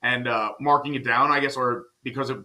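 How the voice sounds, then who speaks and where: A man guesting on a podcast, telling stories in casual, animated chat. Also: medium pitch. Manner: fast, animated storyteller.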